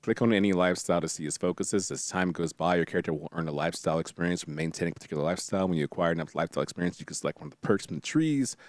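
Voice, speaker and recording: A man's voice: low voice, racing, hardly any pauses, no room sound. A man casually playing a strategy game on stream, reading tutorial text aloud and joking with viewers in a playful way. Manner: playful, jokey, chats with viewers, bursts of excited exclamations.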